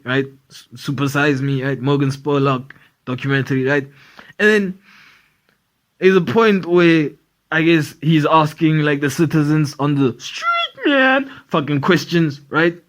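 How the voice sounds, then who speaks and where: A man's voice: a little high, fairly bright tone. Rambling, profane male podcast host. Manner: rambling, profane, heavy on fillers. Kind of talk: casual comedy podcast chat.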